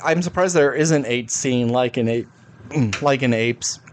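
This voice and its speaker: Man, podcast co-host, casual movie chat, quick, agreeable, mid-pitched voice. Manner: quick, chatty, agreeable with frequent backchannels. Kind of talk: casual film discussion.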